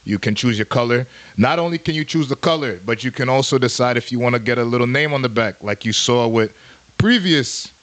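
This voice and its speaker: A man's voice: mid-range voice, animated, brisk, a bit bright. Brief: male podcast co-host, easygoing and jokey, loops catchphrases. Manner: playful, repeats catchphrases. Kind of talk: casual chat.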